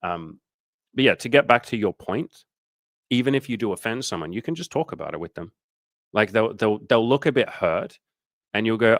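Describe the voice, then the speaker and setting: A man's voice: fairly low pitch, animated, moderate pace, dry recording. A man working as a dating coach, answering questions on a casual livestream in a candid, loose way, swearing freely and using lots of fillers.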